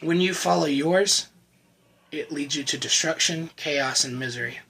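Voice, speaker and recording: A man giving an earnest, emotional personal faith testimony to the camera, often halting and repeating words. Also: a little high, pushed and bright, breathy edge, poor audio. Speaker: channel host sharing his recovery testimony.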